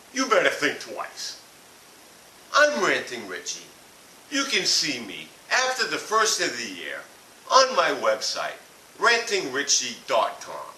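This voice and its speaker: A man's voice: medium pitch, sharp tone. A man telling a blunt, profane comic rant about a family vacation. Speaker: comedic ranter. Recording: echoey room from far off with hiss.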